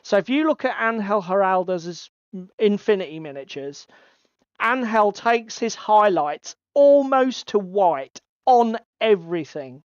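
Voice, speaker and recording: Smooth-voiced man, casual chat. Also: high voice, animated, a little slow, dry recording. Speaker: podcast co-host. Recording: slightly dull lo-fi audio.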